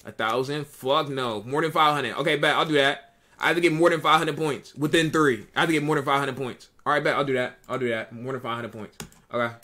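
A man's voice: mid-range voice, steady tone, brisk, pushed and bright. Profane, repetitive young male streamer. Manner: profane, repetitive, talks to chat. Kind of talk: casual live-stream commentary.

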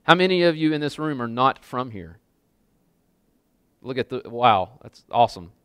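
A man's voice: medium pitch, moderate pace, long pauses, smooth, no echo, clean studio sound. A man preaching a sermon as pastor, in a loose, conversational way full of casual fillers and repeats, speaking in a church. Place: church sanctuary with a congregation.

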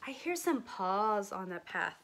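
A woman voicing the Gruffalo, a big gullible male monster, dropping her voice low and speaking slowly. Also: big pitch swings, fairly bright tone.

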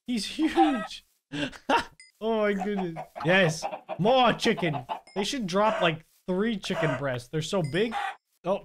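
A young man giving excitable gameplay commentary, laughing often and yelling at the mobs. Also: high-pitched, background noise. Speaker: gaming YouTuber.

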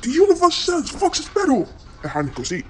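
A woman voicing a boastful fox that brags and taunts at a rapid clip. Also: high-pitched, huge pitch swings, a little mellow, a little hiss or hum. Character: cocky boastful fox, fast-talking.

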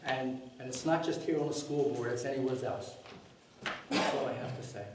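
A man's voice: medium pitch, moderate pace. A man making a public comment at a school board meeting, telling a long, rambling story in a blunt, emphatic way and swearing freely. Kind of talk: rambling spoken anecdote. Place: large meeting hall. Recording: very echoey hall, mic far off, faint noise.

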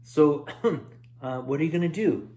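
A man voicing a sly, fast-talking male gopher schemer in a storybook reading. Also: fairly high pitch, lively intonation, a little mellow, lightly acted. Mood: nervous. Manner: chatty, wheedling, quick.

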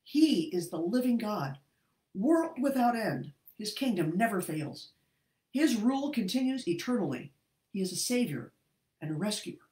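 A woman reading aloud as an ancient king, calling out loudly and making grand proclamations, recorded in an echoey room. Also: mid-range voice, sing-song, normal speed, natural voice. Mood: proclaiming. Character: anxious ancient king, later solemn and regal.

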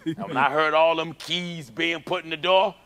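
A man preaching a sermon as pastor, animated and storytelling. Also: moderate pace. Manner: animated preaching, acts out childhood prayers in high cries.

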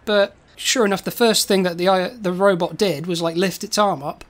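A woman co-hosting a comedy podcast, telling a rambling tall tale in a deadpan way. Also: on the low side, normal speed. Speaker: co-host.

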